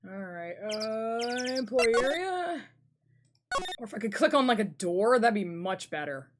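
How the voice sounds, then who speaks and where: A woman's voice: medium pitch, normal speed, heavy background noise. A woman streamer reading game dialogue aloud and making sarcastic asides between the lines, with game music playing behind her. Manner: swings between character voices and sarcastic asides.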